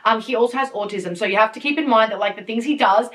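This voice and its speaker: A young woman with a fairly high voice, chatting through a story on her podcast. She talks in an animated way, laughs often and swears freely. Her voice sits a little back from the mic. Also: fast, far from the mic. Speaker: podcast host. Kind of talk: casual storytelling. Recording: voice a bit off-mic.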